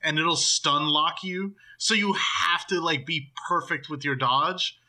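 A man's voice: fairly high pitch, a little slow, bright, forceful tone. A man co-hosting a casual gaming podcast, griping about a game with lots of swearing. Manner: profane, complaining banter. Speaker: podcast co-host.

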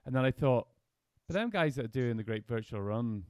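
A man's voice: mid-range voice, animated, brisk, a little mellow, clear, resonant tone, no echo, clean studio sound. A man hosting an interview podcast, talking casually and chattily, laughing easily and swearing in passing. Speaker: podcast host.

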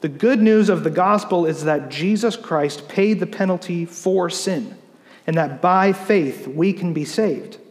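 A man, a pastor, preaching a sermon in an explanatory teaching manner, slowing down to read scripture. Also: sits high, long reverb tail.

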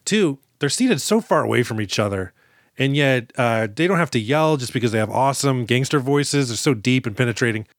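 A man's voice: medium pitch, animated, fairly quick, no echo, clean studio sound. A man co-hosting a podcast, casually retelling film scenes with jokes, playful voices and frequent swearing. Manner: joking storyteller, acts out scenes, swears freely. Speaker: podcast co-host. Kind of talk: casual movie-recap chat.

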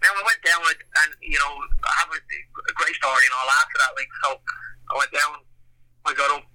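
A middle-aged Irish man, a former boxer, telling stories in a rambling, animated way with lots of fillers. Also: on the high side, a little fast, poor audio. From Ireland. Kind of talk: casual storytelling interview.

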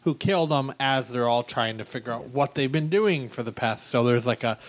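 A man's voice: mid-range voice, fairly quick. A man co-hosting a podcast, recapping a show in a rambling, hesitant way and often searching for words. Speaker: podcast co-host. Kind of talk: casual chat.

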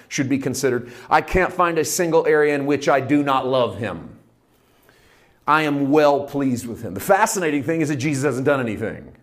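A man preaching a sermon with impassioned delivery, dropping to a hush and rising to loud emphasis, stretching out key phrases. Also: fairly high pitch. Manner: impassioned, swinging from hushed to loud.

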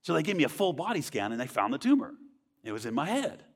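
Talking fast in a large hall, a man with a slightly high, husky voice and big pitch swings gives a personal testimony of faith at church. He keeps it earnest and conversational, often stopping to ask "right?"

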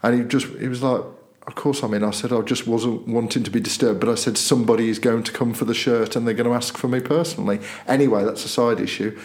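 Animated man telling anecdotes. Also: medium pitch, fast. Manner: animated storyteller, acts out voices in quotes. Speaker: newspaper editor and podcast host. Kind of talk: casual chat, anecdote telling.

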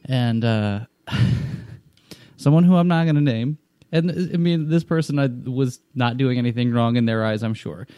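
A man's voice: medium pitch, a little slow, warm tone, smooth, no room sound, studio quality. A man in casual chat, telling a long story in a rambling, profane way with frequent restarts. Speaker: storyteller in a conversation.

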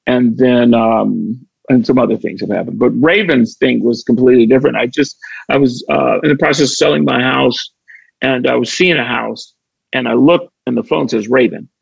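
A man's voice: mid-range voice, moderate pace, vocal fry, breathy edge, no room sound, muffled recording. A man, an actor and comedian from Chicago, telling stories in a casual chat and acting out the voices in them. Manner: animated, acts out voices in his stories. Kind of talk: casual storytelling.

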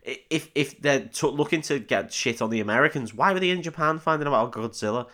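A man's voice: mid-range voice, quick pace, pushed and bright. A man, co-hosting a comedy podcast and recapping a film in a casual, swearing way, laughing often and acting out characters.

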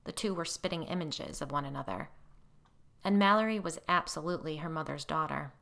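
A woman's voice: a little fast, vocal fry, fairly bright tone. A woman reading a ghost story aloud as narrator, lifting her voice for the characters' lines. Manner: voices characters with raised pitch and lowered narration tags. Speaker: audiobook narrator.

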